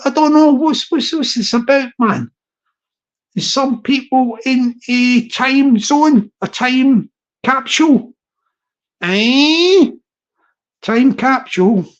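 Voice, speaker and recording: Rambling middle-aged Scottish man. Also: very high-pitched. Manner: rambling and digressive, with frequent restarts. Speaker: live-stream host. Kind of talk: casual live-stream chat. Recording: slightly dull lo-fi recording.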